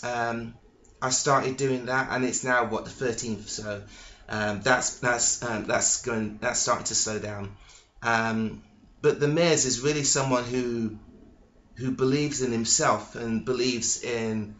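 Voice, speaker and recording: A man hosting his own podcast, rambling slowly and haltingly with lots of ums, restarts and casual swearing. His voice sits at an ordinary middle pitch. The recording sounds dull and lo-fi, with a noticeably echoey room around him. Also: fairly even intonation, fairly bright tone. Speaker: podcast host. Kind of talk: solo podcast monologue.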